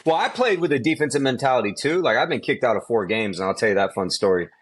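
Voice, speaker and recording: This middle-aged quarterback trainer talks fast in a medium-pitched voice with a breathy edge. In a casual podcast chat he tells animated stories, speaks emphatically, and repeats lines for effect.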